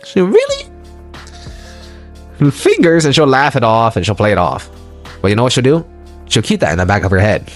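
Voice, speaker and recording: A man's voice: lowish voice, very animated, fast talker, faint music behind. A man giving a motivational audio lecture, emphatic and preachy, repeating his points for stress. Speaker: lecturer on relationships.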